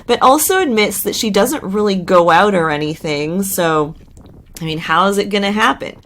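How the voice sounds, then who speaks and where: A woman's voice: mid-range voice, expressive, moderate pace, a bit bright. A woman hosting a casual recap channel, chatty and gossipy with sarcastic asides. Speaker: reality TV recap host.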